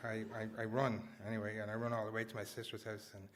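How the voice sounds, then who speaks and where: A man's voice: fairly low pitch, monotone, quick pace, a little hiss or hum. A man performing a comic personal story at a live story slam, rambling and self-mocking, laughing through his lines. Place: small live venue indoors.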